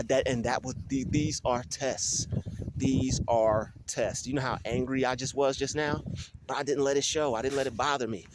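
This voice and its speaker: A young man vlogging on his phone while walking outdoors in a field, talking in an animated, ranting way with many restarts. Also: medium pitch, noisy background. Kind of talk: casual vlog monologue. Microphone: phone held while walking.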